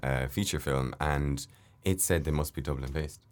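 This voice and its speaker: A man with a remarkably deep, low voice talks through his acting work in a loose interview chat. He often breaks off and restarts his sentences as he thinks aloud. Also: normal speed. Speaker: actor.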